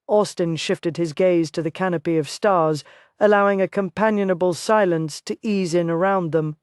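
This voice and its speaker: An audiobook narrator reading a Western romance in steady, even storytelling. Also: medium pitch, normal speed, no room sound, studio quality.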